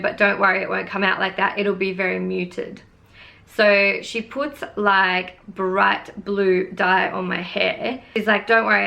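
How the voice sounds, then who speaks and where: A woman's voice: mid-range voice, creaky, fairly bright tone. A young woman vlogger telling a casual, exasperated storytime full of "like". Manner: chatty, exasperated, heavy use of "like". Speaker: beauty vlogger.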